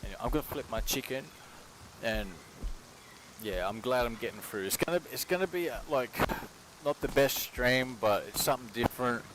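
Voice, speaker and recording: Speaking at a medium pitch and normal speed, an Australian man rambles in a slangy, profane way during a casual kitchen stream while he cooks. The home stream audio is noisy.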